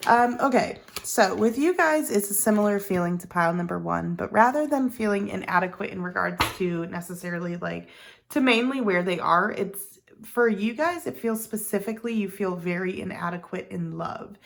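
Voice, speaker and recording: Woman tarot reader, casual chatty delivery with fry, lots of ums and restarts. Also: medium pitch, normal speed, a little hiss or hum. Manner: chatty, meandering, with many ums and self-corrections. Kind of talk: casual pick-a-card tarot reading.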